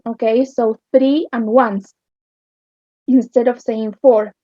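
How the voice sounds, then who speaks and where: A woman with an Argentine accent teaching English literature, explaining slowly and checking understanding with "yes?". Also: a little high, steady tone, no room sound. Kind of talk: recorded online lesson. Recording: dull lo-fi sound.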